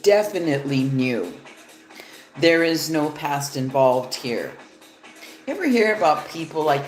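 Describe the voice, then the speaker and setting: A woman with a low voice reads tarot cards on a live stream, speaking slowly and rambling, with the odd swear word. Her voice sounds echoey in the room, and faint music plays behind her. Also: big pitch swings, a little mellow. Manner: casual, rambling, swears freely. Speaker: tarot reader. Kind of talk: live-stream card reading.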